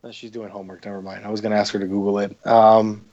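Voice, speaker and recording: A man's voice: fairly low pitch, level tone, quick pace, a little mellow, dull audio. A man, a podcast guest, chatting casually in a rambling, profane way with many fillers. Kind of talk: casual chat.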